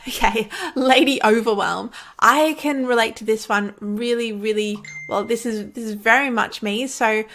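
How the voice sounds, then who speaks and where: A woman's voice: a little high, steady tone, normal speed, few pauses, fairly bright tone, a little hiss or hum. A woman who makes online courses, talking casually to camera in an encouraging, chatty way and laughing often. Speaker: online course creator and coach. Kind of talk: casual talk to camera teaching.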